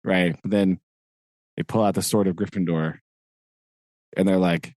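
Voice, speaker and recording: A man co-hosting a podcast, chatting casually in an animated, joking way with nerdy asides. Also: deep voice, moderate pace, long pauses, no room sound. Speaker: podcast co-host. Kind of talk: casual chat.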